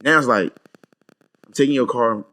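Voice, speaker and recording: A man's voice: mid-range voice, moderate pace, bright, forceful tone. A young man co-hosting a podcast in casual chat, telling a story emphatically and swearing freely as he vents. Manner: emphatic, profane, venting storyteller. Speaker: podcast co-host.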